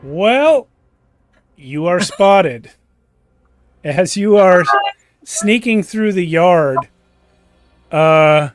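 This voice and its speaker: A man narrating as game master of a tabletop game, relaxed and chatty, livening up during action. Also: high voice, no echo. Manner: relaxed, with fillers and restarts, lively when describing action.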